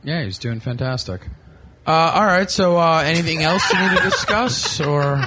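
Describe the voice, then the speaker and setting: A man's voice: on the high side, expressive, moderate pace, very noisy. A man co-hosting a casual radio talk show, upbeat and laughing often. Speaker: co-host.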